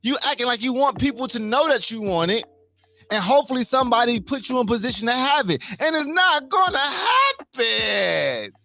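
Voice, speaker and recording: A man's voice: very high voice, fast, fairly bright tone, dry recording, soft background music. A man hosting a casual motivational livestream, emphatic, repeating his points and asking his listeners questions.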